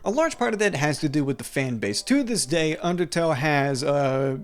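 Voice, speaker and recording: A man's voice: fairly high pitch, animated, normal speed, few pauses. A young man narrating a conversational video essay, sarcastic and exasperated, ranting with frequent asides.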